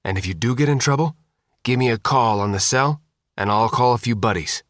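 Narrator as an apologetic security guard, quiet and conspiratorial, audiobook. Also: male voice, mid-range voice, brisk, no echo, studio quality, close to an everyday voice.

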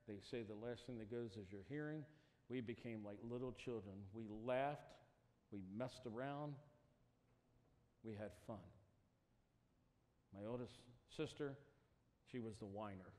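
A man delivers a sermon to young campers, moving between quiet, tender storytelling and loud, fervent calls. His voice sits at an average pitch. It carries a long reverb from a large hall on a low-quality recording. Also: moderate pace. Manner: emotional, builds to loud passionate appeals. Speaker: youth camp speaker. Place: camp meeting hall with student audience. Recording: echoey hall, poor quality.

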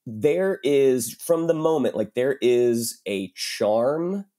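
A man's voice: medium pitch, lively intonation, slow pace, warm tone. A man guesting on a film podcast, talking thoughtfully with fillers. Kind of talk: casual film discussion.

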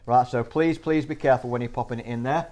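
A man's voice: medium pitch, quick pace, darkish tone. A man hosting a casual cooking demonstration, chatty and instructive, bantering with his guest. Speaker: cookery show host. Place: school kitchen.

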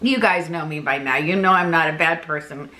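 A woman vlogger chatting casually to her camera, animated and talkative, often laughing. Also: deep voice, a little fast. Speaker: weight-loss vlogger.

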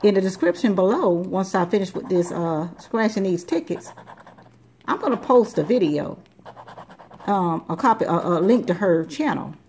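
A woman's voice: medium pitch, moderate pace, darkish tone, a little hiss or hum. A woman hosting a lottery scratch-off video, chatting casually and rambling as she scratches. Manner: chatty, rambling, repeats words. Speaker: lottery scratch-off channel host. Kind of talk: casual chat while scratching tickets.

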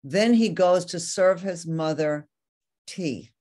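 A woman's voice: fairly low pitch, slow, dark tone. A woman Torah teacher giving a lecture, earnestly retelling a story and reading quoted passages aloud.

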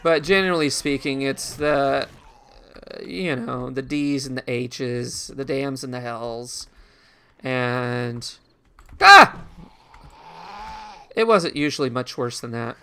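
At a slow pace and medium pitch, with slight background noise, a male gaming host reflects on his childhood in a meandering story. The casual talk is full of restarts and remarks about the game he's playing.

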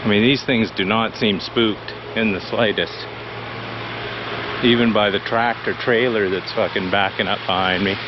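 A man from British Columbia talking to his camera while walking outdoors, blunt, excitable and full of swearing. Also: on the low side, normal speed, highs cut off, noisy background. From British Columbia, Canada. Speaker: vlogger. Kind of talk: casual walking vlog. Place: outdoors by a city beach.

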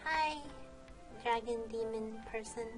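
A woman with a fairly high voice speaks slowly over soft background music. She vlogs while playing a game, chatting casually, laughing and exclaiming often.

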